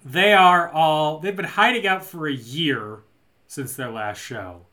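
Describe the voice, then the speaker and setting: Man, podcast co-host, bright timbre, rambling, dry jokes, casual recap. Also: fairly high pitch, slow. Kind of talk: casual movie recap chat.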